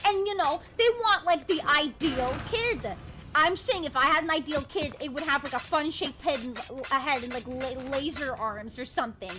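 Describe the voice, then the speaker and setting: A woman chatting on a live stream, excitable and rambling, with frequent swearing and restarts. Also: high voice, normal speed, noisy background. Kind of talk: casual live-stream chat. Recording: loud background music.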